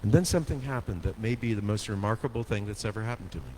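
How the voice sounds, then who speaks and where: A man preaching a sermon, telling a story with dramatic swings from hushed to soaring delivery. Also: lowish voice, lively intonation, fast talker. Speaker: pastor. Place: church sanctuary. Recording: long hall reverb, faint noise.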